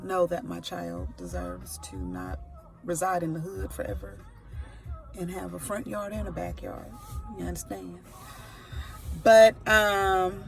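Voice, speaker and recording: Before work, a Californian sickle cell advocate in her forties records a video telling her story to camera. Her voice is on the low side with vocal fry, and she comes across candid and playful, dropping slangy asides.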